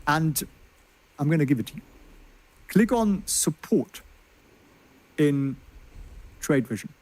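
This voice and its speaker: Man, stock commentator on a livestream, a bit high-pitched, chatty and jokey. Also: sing-song, slow, a little mellow. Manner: chatty, joking, asks the viewers questions.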